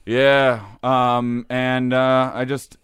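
A man with a Wisconsin accent chats loosely on a podcast. His voice sits at an ordinary pitch and comes through smooth and clear. The close mic keeps the sound dry. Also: completely flat delivery, very slow, a bit bright, no echo. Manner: self-deprecating, rambling, laughs often. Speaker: podcast guest. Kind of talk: casual conversation.

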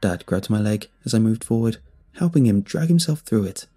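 A man narrating a first-person horror story in a tense, measured way. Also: lowish voice, expressive, dark tone, breathy edge. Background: faint music.

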